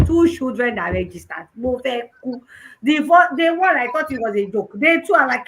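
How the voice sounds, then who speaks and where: A young woman with a Nigerian Yoruba-tinged accent, giving an animated personal testimony at a conference and mixing in Yoruba phrases. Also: a little high, normal speed, background noise. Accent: Nigerian, Yoruba-influenced English. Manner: animated storytelling, switching between English and Yoruba. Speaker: conference speaker.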